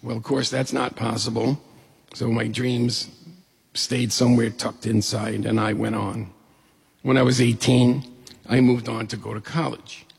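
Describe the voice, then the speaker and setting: Husky, gravelly middle-aged male storyteller, comic timing, from upstate New York. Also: medium pitch, a little slow. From New York State. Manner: lively, humorous, acts out quoted voices. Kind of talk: personal story told to an audience. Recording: long hall reverb.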